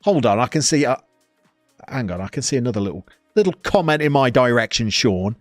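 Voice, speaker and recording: Lively, teasing West Midlands man in his forties. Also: mid-range voice, a little fast, no echo, clean studio sound, faint music behind. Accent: West Midlands English. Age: 40s. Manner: jokey, teasing banter with viewers. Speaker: streamer reading live chat. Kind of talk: live stream chat.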